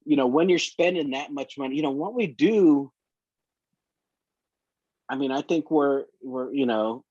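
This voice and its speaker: A man's voice: mid-range voice, measured pace, darkish tone, no room sound. A man telling long, winding work stories as a guest in a casual interview. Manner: rambling, long winding anecdotes. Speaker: photographer guest. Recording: dull lo-fi dry sound.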